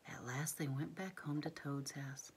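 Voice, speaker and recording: A woman reading a bedtime story aloud to her child in a soft, hushed voice, often dropping to a whisper. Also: low-pitched, unhurried, a little hiss or hum.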